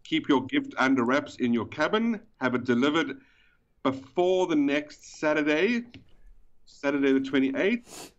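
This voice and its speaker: A man with a South African accent, a guest in a podcast interview, explaining at length with pauses and fillers. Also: a little high, lively intonation. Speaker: guest, event organizer. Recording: dull, lo-fi sound.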